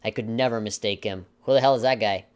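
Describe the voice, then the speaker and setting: A man's voice: on the low side, fast talker, a little mellow, smooth. A man playing a video game, reading its story text aloud and mocking it with sarcastic asides. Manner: sarcastic, mock-dramatic, chuckling asides. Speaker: let's play commentator.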